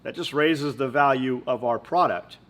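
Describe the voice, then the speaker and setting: A company owner hosts a podcast, his medium-pitched, fairly bright voice moving at a moderate pace. He tells rambling business anecdotes in blunt, casual storytelling chat, swearing freely.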